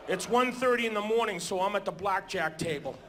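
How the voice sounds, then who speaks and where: A male stand-up comedian telling animated stories on a theater stage, breaking into sudden shouts. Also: high-pitched, a little fast, noisy background. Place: theater stage before a live audience.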